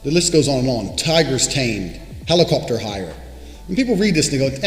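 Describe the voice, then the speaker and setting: Brash, boastful young man, rapid profane pitch to camera; roomy echo, light music bed. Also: sing-song. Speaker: motivational speaker. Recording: echoey room with long reverb, faint music.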